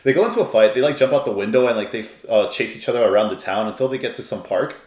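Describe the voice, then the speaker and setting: A man's voice: medium pitch, animated, racing, a little mellow, echoey room. A man reviewing an anime episode in a casual, rambling, enthusiastic way, with lots of fillers.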